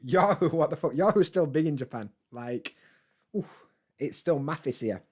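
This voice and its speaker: A man's voice: fairly high pitch, expressive, normal speed, a little mellow, breathy edge. Laid-back man chatting. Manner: laid-back, chatty, swears freely, laughs often. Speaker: vlogger reading live chat. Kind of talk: casual live-stream chat.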